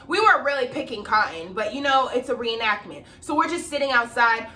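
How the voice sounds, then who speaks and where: A young woman casually telling a story to camera, animated and swearing freely as she acts out the people in it. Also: a little high, a little fast, hardly any pauses, distant mic, slight background noise.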